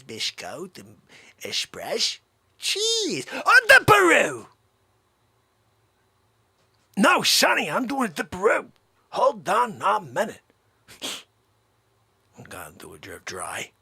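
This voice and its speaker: A man voicing a loud, bossy older man character who rambles manically and yells demands. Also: high voice, wildly swooping pitch, slow, gravelly, pauses often, husky, no room sound, voice pushed up, full character voice. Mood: demanding.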